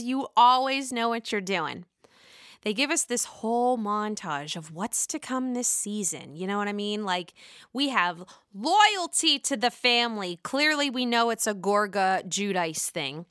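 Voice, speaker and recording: Pittsburgh woman host, excitable gossip talker, higher pitch, crisp and dry. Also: measured pace, dry recording. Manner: excitable, profane and gushing. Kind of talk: casual reality-TV gossip commentary.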